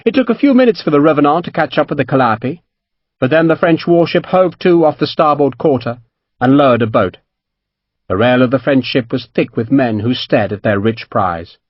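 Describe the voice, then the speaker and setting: A man narrating an audiobook in an expressive storytelling manner. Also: medium pitch, moderate pace, no echo, lo-fi sound. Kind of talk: scripted narration.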